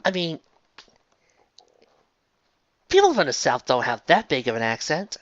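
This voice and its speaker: A woman's voice: measured pace, long pauses, dry recording, dull audio. A woman reviewing an episode in easygoing, chatty talk. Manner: chatty, easygoing, with lively swings in pitch. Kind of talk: casual review chat.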